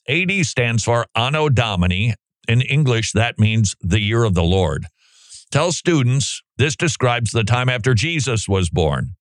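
A man's voice: fairly low pitch, animated, moderate pace, dry recording, studio quality. Incredulous man reading and commenting. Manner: incredulous, sarcastic asides between read passages.

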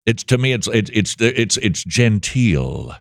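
A man's voice: lowish voice, big pitch swings, unhurried, creaky, dry recording, studio quality. A man hosting a radio show, chatting casually and teasing his guest with jokes. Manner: joking, teasing banter. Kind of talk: casual interview chat.

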